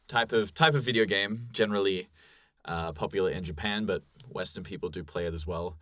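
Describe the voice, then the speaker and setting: Man, Australian accent, low voice, dry close sound, playful rambling podcast banter. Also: fairly bright tone, no room sound. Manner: playful, laughs often, rambling asides. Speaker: co-host. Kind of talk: improvised comedy podcast chat.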